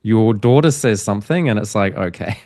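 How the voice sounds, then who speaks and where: A man's voice: lowish voice, normal speed, dark tone, dry recording, studio quality. A man hosting an interview podcast, rambling and rephrasing his questions as he asks them. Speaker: podcast host.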